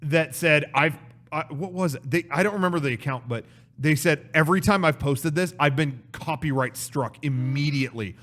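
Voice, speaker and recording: A man's voice: fairly high pitch, normal speed, a bit bright. A man hosting a casual call-in stream, rambling through stories with restarts and laughs. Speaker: stream host.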